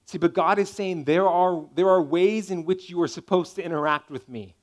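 A man delivering a sermon in a fairly high voice. He preaches in a conversational, emphatic way and keeps checking in with his listeners. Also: moderate pace. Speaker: pastor.

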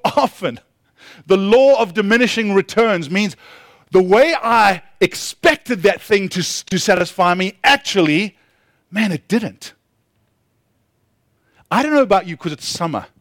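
A man's voice: high-pitched, dry recording, clean studio sound. A middle-aged man giving a conversational sermon as a pastor, humorous and self-deprecating, with frequent restarts and repeated words.

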